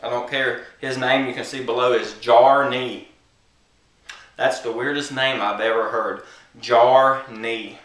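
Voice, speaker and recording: A man's voice: mid-range voice, steady tone, a little slow, a bit bright, distant mic. A man telling a boastful comic story straight to the camera in a swaggering, playful way. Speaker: comedy vlogger. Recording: roomy sound from away from the mic.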